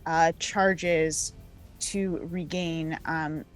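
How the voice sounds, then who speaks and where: A woman playing a tabletop game, measured and slow as she explains her actions. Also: sits low, fairly even intonation, soft background music. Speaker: player.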